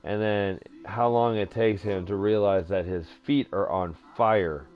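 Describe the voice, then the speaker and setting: A man's voice: lowish voice, steady tone, a little slow. A young man rambling crudely through a casual story, swearing constantly and stumbling over fillers. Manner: profane, crude, loose storytelling with many fillers. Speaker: vlogger. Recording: dull lo-fi sound with faint music.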